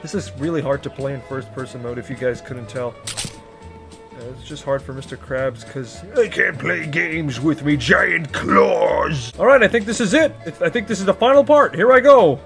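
A man voicing a gruff, greedy old sea-captain crab, using salty pirate growls and frantic yelling while commentating on a game. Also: a little high, moderate pace, faint music behind. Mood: frustrated. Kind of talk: in-character gaming commentary.

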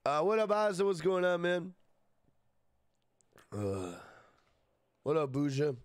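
Laid-back game streamer, higher voice. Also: male voice, very animated, slow pace, no echo, studio quality. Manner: laid-back, swears freely, greets chatters by name. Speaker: gaming live-streamer. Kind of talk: casual live-stream chat.

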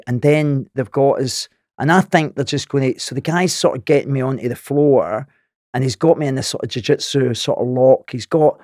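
Animated Glaswegian man telling a tale. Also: medium pitch, dry recording, clean studio sound. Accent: Glaswegian Scottish. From Scotland. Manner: animated, swears freely, laughs through the tale. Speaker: podcast guest. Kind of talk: storytelling.

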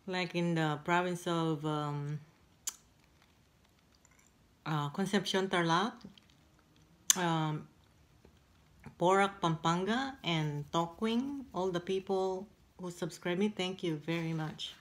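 Slow-talking Filipina woman eating on camera. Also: fairly low pitch. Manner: halting, eating between words. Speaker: eating-show vlogger. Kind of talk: casual mukbang chat.

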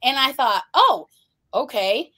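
A woman guest telling her story in a blunt, animated way during a casual interview chat. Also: high voice, moderate pace.

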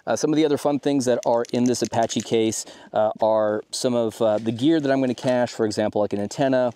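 A man hosting a radio and preparedness channel, explaining a tutorial in a relaxed way with many fillers. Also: mid-range voice, fairly quick, smooth.

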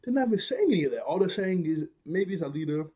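Talking quickly in a voice on the high side, a young guy walks through a cartoon episode, reviewing it in a relaxed, lively, slang-filled way and frequently laughing as he replays scenes.

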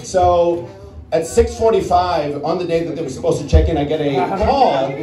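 A man's voice: on the high side, expressive, normal speed, far from the mic. A male stand-up comedian from the Netherlands, telling a chatty story on stage and talking with the crowd. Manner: chatty, acts out voices, talks to the crowd. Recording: roomy club sound with crowd. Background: audience laughing.

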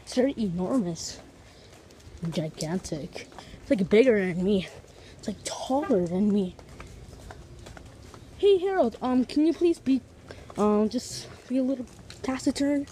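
Woman vlogger, higher voice, chatty walk-and-talk outdoors, fond of fancy words. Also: animated, measured pace, pauses often, warm tone, slight background noise. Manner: chatty, piles on big vocabulary words; talks to viewers while walking. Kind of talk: casual walking vlog. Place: outdoors on streets and in a park.

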